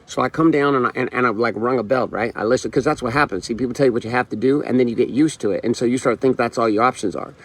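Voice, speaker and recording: Man, motivational host, rapid delivery, blunt, cursing, repeats his point over and over. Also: mid-range voice. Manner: blunt, profane, repetitive hammering; tells stories with quoted back-and-forth. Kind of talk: motivational monologue.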